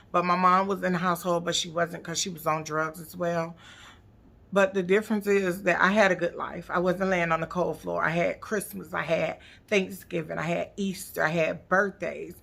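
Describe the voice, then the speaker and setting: Woman, gravelly fry, bright edge, blunt and profane, sassy reality TV recap vlogger. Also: lowish voice. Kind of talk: casual recap commentary.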